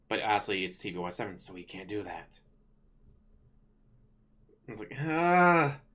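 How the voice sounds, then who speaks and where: Man, mid-pitch, casual griping vlogger, animated and salty with the swearing. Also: measured pace, pauses often. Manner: complaining, animated, swears freely. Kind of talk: casual ranting commentary.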